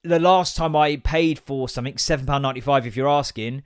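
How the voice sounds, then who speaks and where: A man hosting a podcast, telling comic stories in a sweary, animated, sarcastic way. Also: mid-range voice, a little fast, smooth, no room sound, clean studio sound. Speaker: podcast host. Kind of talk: comic storytelling monologue. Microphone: podcast microphone.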